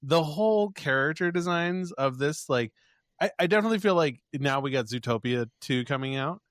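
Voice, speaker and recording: A man's voice: a little high, expressive, normal speed, a bit bright, no room sound. Eager man gushing about a film, dry mic. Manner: enthusiastic, full of "like" fillers. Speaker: podcast co-host. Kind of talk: casual chat.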